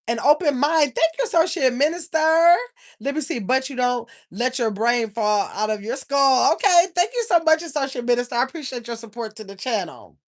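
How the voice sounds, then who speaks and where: An older woman chats casually on a livestream. She rambles, stops to search for things, and calls her viewers y'all. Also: fairly high pitch. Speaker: channel host.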